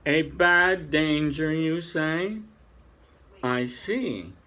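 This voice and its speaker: A man voicing a pompous older male chief rabbit in a storybook reading, speaking in a slow, patronizing drawl. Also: on the high side, bright, forceful tone, a little hiss or hum, heavily acted.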